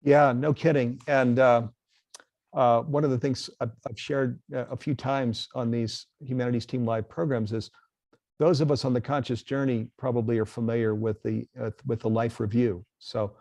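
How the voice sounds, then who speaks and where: A man with a mid-pitched voice hosts a live online talk in an earnest, easygoing way. His voice is recorded close and dry, with no room sound. He pauses on fillers as he sets up questions for his guest. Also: steady tone, darkish tone, no echo. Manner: earnest, reads viewer questions. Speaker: host. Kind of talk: casual live webcast talk.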